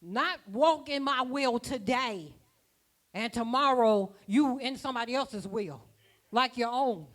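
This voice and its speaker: A woman's voice: fairly high pitch, unhurried, a bit bright. A woman preaching a sermon at a church conference, folksy and rhythmic, with plain dialect grammar. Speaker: apostle preaching.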